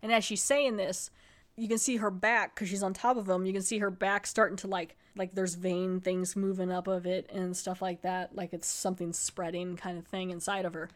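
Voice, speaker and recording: A woman hosting a podcast, retelling an episode in a casual, animated way and acting out the characters' lines. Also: on the low side, normal speed. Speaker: podcast host.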